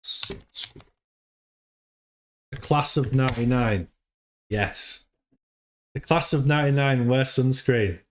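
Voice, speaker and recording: A man's voice: mid-range voice, slow pace, pauses often, a little hiss or hum. A man hosting a casual livestream, rambling and repeating words as he chats. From United Kingdom. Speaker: livestream host.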